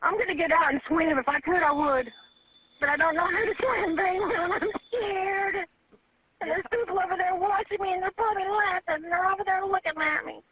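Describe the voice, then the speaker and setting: A woman's voice: very high voice, fast talker, pushed and bright, dry recording. A terrified woman, pleading and sobbing on an emergency phone call. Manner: pleading, repeats herself. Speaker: caller. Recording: telephone line with faint noise.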